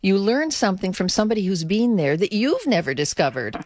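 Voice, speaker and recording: A woman co-hosting a travel radio show, briskly steering the talk and taking calls. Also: medium pitch, sing-song, a little mellow, no room sound, clean studio sound. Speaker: radio co-host. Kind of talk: casual radio chat.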